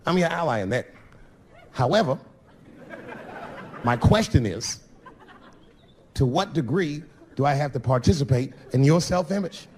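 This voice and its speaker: A man's voice: a little high, animated, measured pace, long pauses, darkish tone, a little hiss or hum. A middle-aged man doing stand-up storytelling on stage, profane and conversational, slipping into the voices of people in his stories. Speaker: stand-up comedian. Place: comedy stage before a live audience.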